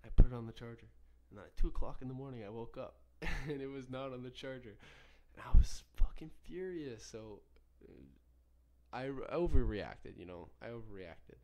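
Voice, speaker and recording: This solo podcast host is a young man with a medium-pitched, dark voice and a brisk delivery. His story wanders, he swears freely, and he corrects himself many times.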